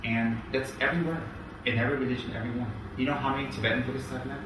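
A man giving a Buddhist dharma talk, animated, mimicking people and rising into loud indignation. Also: medium pitch, racing. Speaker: Buddhist teacher. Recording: echoey hall, picked up from a distance, with background noise.

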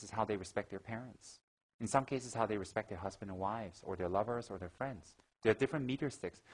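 Fast-talking, lively male Buddhist teacher. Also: fairly low pitch, low-quality recording. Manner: animated storyteller, acts out gasps and quotes. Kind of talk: dharma talk with anecdotes.

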